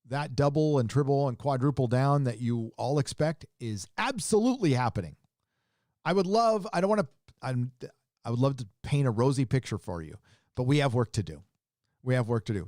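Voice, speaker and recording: A man's voice: medium pitch, animated, moderate pace, darkish tone, no room sound. Rambling male commentary host, dry sound. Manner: rambling, restarts often, chuckles and reacts to images. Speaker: show host. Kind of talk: casual livestream commentary.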